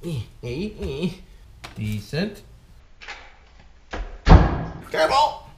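A man's voice: a little high, wildly swooping pitch, extremely slow. Folksy man in an echoey garage. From Canada. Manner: folksy and jokey, keeps calling the viewers "boys"; talks to himself while working. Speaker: vlogger rebuilding an engine. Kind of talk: casual workshop commentary. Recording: echoey room with background noise.

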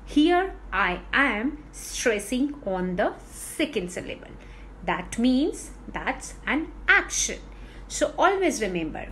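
A woman leads a spoken lesson. She talks slowly and deliberately, repeating each word to drill the stress. Her voice sits a little high and swings lively up and down. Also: slight background noise, low-quality recording. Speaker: English pronunciation teacher.

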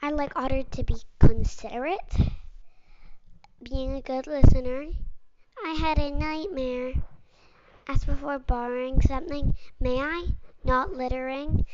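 A woman reading a children's picture book aloud in a gentle, playful read-aloud manner. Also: sits high. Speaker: storyteller. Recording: muffled lo-fi recording with clear background noise.

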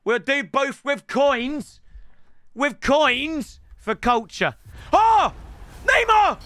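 A young man commentating on his own gameplay, excitable and prone to shouting outbursts, addressing viewers as lads. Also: very high-pitched, extremely slow, soft background music. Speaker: gaming YouTuber.

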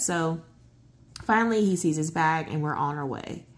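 A middle-aged woman telling a travel story while she colors, rambling with lots of fillers and restarts, and getting excitable. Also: moderate pace. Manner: excitable, voice jumps high when giddy. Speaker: coloring channel host. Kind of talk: casual chat while coloring.

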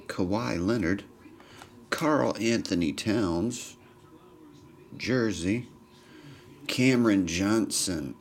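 A man hosting a live card break in casual chat, tired and yawning, reading off players' names as he opens packs. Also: on the low side. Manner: chatty, reads names off cards, yawning. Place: indoor room at a camera. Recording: noisy stream recording.

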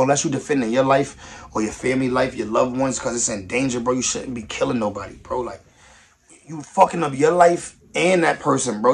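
A young man giving slangy, animated commentary on a news story, swinging from soft to loud. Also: mid-range voice, vocal fry. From New York. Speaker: vlogger reacting to news. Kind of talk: casual street-talk commentary.

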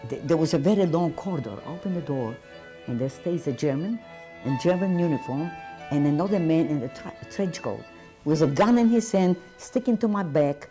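A woman's voice: low-pitched, lively intonation, fairly quick, dark tone, faint music behind. An older woman giving personal testimony as a survivor, telling her story vividly and acting out the voices of the people in it. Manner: vivid storytelling, acts out dialogue. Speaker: Holocaust survivor interviewee.

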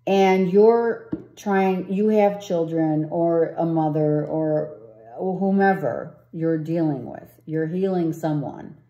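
A woman's voice: sits low, slow pace, few pauses, mellow, roomy sound, muffled recording. A woman giving a casual tarot reading, rambling and often asking "right?". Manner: rambling, repeats herself, asks "right?". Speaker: tarot reader.

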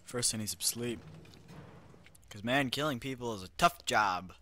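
A young man giving goofy let's-play commentary, swinging from quiet muttering to loud outbursts. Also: mid-range voice, normal speed, slight background noise. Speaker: gamer.

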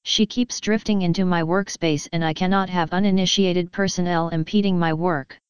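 A prim, condescending male tech priest with servo arms, speaking in measured, formal sentences, as a woman reads him in a storybook. The voice sits a touch low and comes through smooth and very clear. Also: steady tone, dry recording, lo-fi sound, close to an everyday voice. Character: fussy male machine-bodied tech priest.

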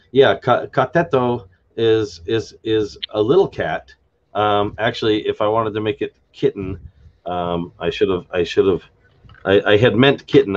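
A man with a very low voice talks through word endings on a live stream, pausing, restarting and spelling words letter by letter. The audio is dull and lo-fi, with keyboard typing behind him. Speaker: live stream host explaining a constructed language. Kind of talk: unscripted casual explanation.

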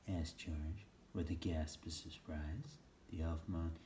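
A man reading a children's picture book aloud as storyteller, slow and lively, laughing now and then. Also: rumbling low.

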